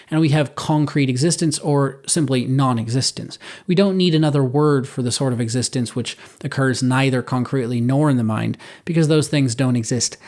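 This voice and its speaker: Guy doing a philosophy video essay, earnest, thinking out loud, fixes his own wording. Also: mid-range voice. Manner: earnest, reasoning aloud, self-correcting. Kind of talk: scripted philosophical monologue.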